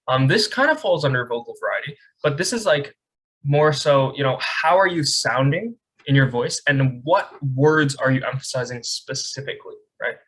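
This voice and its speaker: A man's voice: medium pitch, a bit bright, breathy edge, low-quality recording. A young man teaching a public speaking class over a video call, casual and chatty, often checking in with "right?". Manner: casual, frequent "right?" check-ins and fillers. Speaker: speech coach. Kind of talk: online class lecture.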